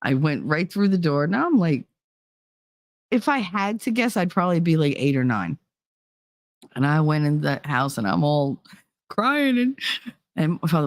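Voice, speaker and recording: A woman's voice: deep voice, big pitch swings, unhurried, no echo, studio quality. A woman host telling stories in a loose, rambling way on her livestream, full of "you know" and "like" and breaking into laughter now and then. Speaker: streamer and channel host. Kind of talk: casual storytelling chat on a livestream.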